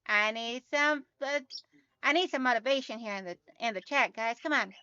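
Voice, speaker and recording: A woman's voice: on the high side, normal speed, sharp tone, clean tone, dry recording, highs cut off. A woman hosting a casual quilting livestream, chatty and talking straight to her viewers as she reads out their comments.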